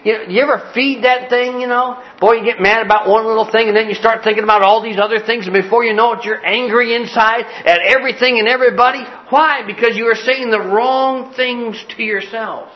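A man's voice: very high voice, fairly even intonation, a little fast, few pauses, muffled recording. A man preaching a sermon in a folksy, joking way, repeating his key phrases. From Cleveland, Ohio. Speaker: pastor.

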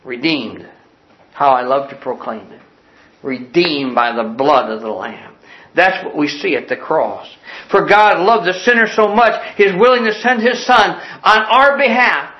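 A man preaching a sermon with passion, dropping to a hush and then soaring and crying out. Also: high voice, lo-fi sound. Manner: impassioned, swinging from hushed to soaring.

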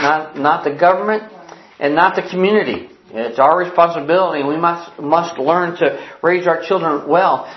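A man's voice: high voice, roomy sound, muffled recording. An older man preaching a sermon as a pastor, telling folksy classroom stories to make his points. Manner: folksy storytelling with classroom examples.

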